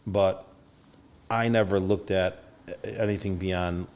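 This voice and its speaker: A man's voice: on the low side, moderate pace, vocal fry, a little hiss or hum. A middle-aged man telling stories as a podcast guest, acting out quotes with big jumps in his voice and swearing freely. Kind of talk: storytelling interview.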